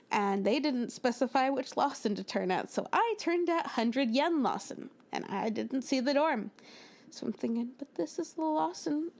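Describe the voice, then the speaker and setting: High-voiced young woman telling a story. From United States. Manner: animated, acts out quoted lines with little voices and laughs. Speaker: storytime narrator. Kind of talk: storytime narration over a speedpaint.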